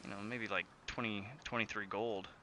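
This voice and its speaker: A man voicing a nervous male sailor who answers quietly and hesitantly. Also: fairly low pitch, steady tone, moderate pace, slight background noise.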